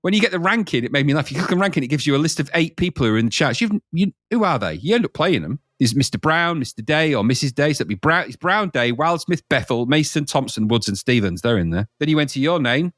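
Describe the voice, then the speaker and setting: A man's voice: medium pitch, a bit bright, no echo, studio quality. A man co-hosting a retro games talk show in a casual, jokey, rambling way. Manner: jokey, rambling, laughs at himself. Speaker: podcast co-host reviewing retro games. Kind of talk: casual chat.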